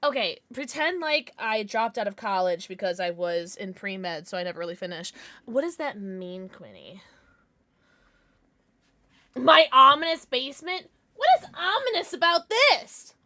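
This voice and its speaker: A woman live streamer chatting casually with her viewers, chatty and quick to swear. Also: a little high. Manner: chatty, lively, swears freely.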